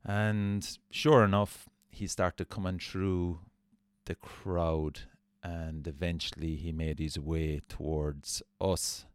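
A low-voiced man hosting a podcast, spinning a long, self-mocking story and swearing freely. He sounds close and dry, with no room around him. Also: level tone, takes it slowly, smooth, dry recording. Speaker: podcast host. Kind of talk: casual storytelling.

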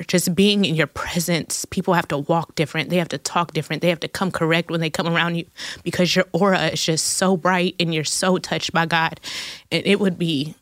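A woman in her thirties talks in a casual faith chat, emotional and effusive, tearful at times. Her voice sits fairly low, and the sound is close and dry. She speaks with heartfelt feeling. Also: no room sound. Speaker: guest.

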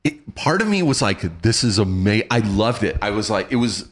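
A middle-aged man telling a story in casual chat, animated and swearing, acting out what people said. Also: lowish voice, normal speed. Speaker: guest.

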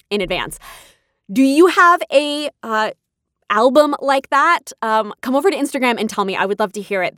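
A woman's voice: medium pitch, a bit bright, no room sound, studio quality. A woman, a podcast host telling personal stories in a chatty, emotional way, often laughing. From California. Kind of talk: personal storytelling.

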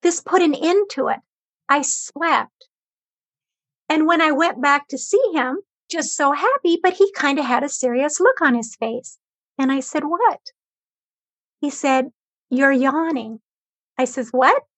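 A woman's voice: sits high, lively intonation, measured pace, fairly bright tone, no room sound. A woman guest on a talk show, earnestly retelling her experiences with quoted back-and-forth dialogue. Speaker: guest sharing cancer experience. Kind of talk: conversational storytelling.

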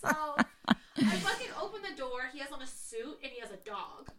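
A woman's voice: high-pitched, big pitch swings, normal speed, a crowd in the background. A woman, a podcast co-host telling a story in casual, profane chat and acting out the dialogue.

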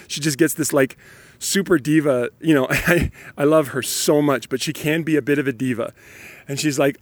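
A father in his thirties or forties shares parenting stories in a casual, animated monologue, laughing often. His voice is a little high at a moderate pace, with no room sound.

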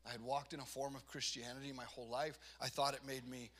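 A man's voice: medium pitch, level tone, quick pace, a bit bright, slight background noise. A man giving a personal testimony sermon, earnest and self-deprecating, building to emphatic, rising delivery. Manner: self-deprecating, laughs at himself.

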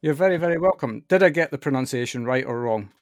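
A man's voice: mid-range voice, lively intonation, quick pace, no echo. A Scottish man hosting a light-hearted interview podcast, chatty and self-deprecating. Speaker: podcast host. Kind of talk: casual interview.

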